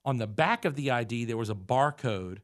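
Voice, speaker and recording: A man's voice: medium pitch, a little fast. A man in his forties from the United States, telling a story in casual chat and acting out the voices in it. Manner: animated storyteller who acts out quoted voices.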